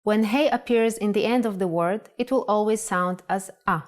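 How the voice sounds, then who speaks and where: Teacher woman. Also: mid-range voice. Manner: clear, slow spelling-out of sounds. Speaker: Hebrew language teacher. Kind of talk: scripted lesson narration.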